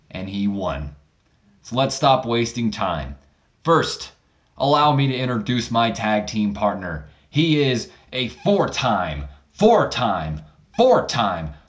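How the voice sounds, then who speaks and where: A man putting on a brash young wrestling promoter, loud and announcing like a showman. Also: medium pitch. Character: brash young male wrestling boss hyping.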